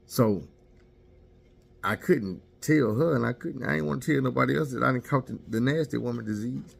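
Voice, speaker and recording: A man's voice: mid-range voice, moderate pace, vocal fry, slightly rough. A man casually telling a candid, profane story about himself and mocking his own mistakes.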